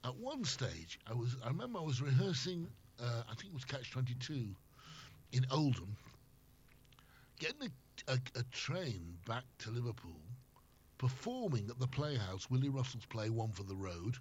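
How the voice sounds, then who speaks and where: A man's voice: mid-range voice, big pitch swings, normal speed, slightly rough. An older man, a former radio host, chatting as an interview guest and telling rambling anecdotes. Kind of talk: casual chat. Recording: slightly muffled with faint noise.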